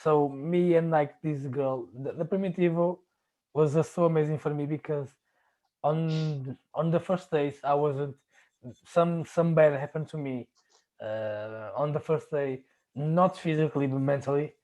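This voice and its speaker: Halting man searching for words. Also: a little high, a little mellow, rough recording. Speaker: podcast host. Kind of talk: casual chat, personal stories.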